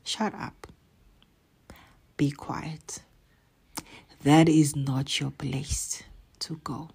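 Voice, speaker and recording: A woman putting on the voice of God, a calm and stern heavenly father who speaks in a low, husky half-whisper. He corrects his child firmly but quietly. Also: very slow, full character voice. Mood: stern gentle. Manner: hushed, firm, half-whispered.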